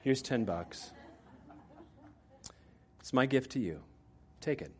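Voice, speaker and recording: Man as a gentle, patient campus minister. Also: mid-range voice, animated, takes it slowly, breathy edge, some chatter behind. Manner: quiet, plain, gentle.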